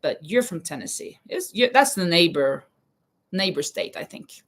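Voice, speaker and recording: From home in Spain, a woman streams live while crocheting, reading out comments from viewers and laughing a lot. She speaks at a moderate pace in a fairly low, sing-song voice.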